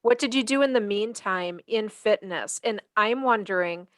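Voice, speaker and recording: A woman's voice: mid-range voice, moderate pace, no echo, clean studio sound. A woman co-hosting a podcast, asking long questions and correcting herself as she goes. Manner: rambling, self-correcting questions. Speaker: podcast co-host.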